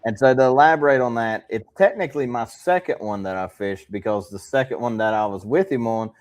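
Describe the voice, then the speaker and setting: A man hosting a podcast, telling fishing stories in a calm, dry way with some laughs. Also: medium pitch, fairly quick. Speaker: podcast host. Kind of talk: casual podcast chat.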